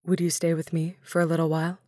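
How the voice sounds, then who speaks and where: Woman reading as troubled male underworld god, breathy and subdued, lowish voice, dry sound. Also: monotone, fast talker, a little mellow, dry recording. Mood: anxious tender. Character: huge troubled male god of the dead, tender.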